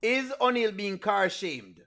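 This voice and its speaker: A man's voice: high-pitched, very animated, slow, pushed and bright. A man with a Jamaican accent hosting a live reaction stream, playfully pleading with his viewers and laughing often. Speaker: streamer and show host.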